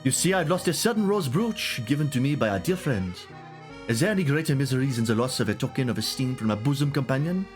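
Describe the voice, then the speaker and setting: A man's voice: medium pitch, expressive, quick pace, soft background music, voice pushed up, close to an everyday voice. Male streamer doing a wordy, mournful Frenchman with a theatrical put-on accent. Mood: despairing. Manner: florid, theatrical. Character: melancholy French nobleman, dramatic and wordy.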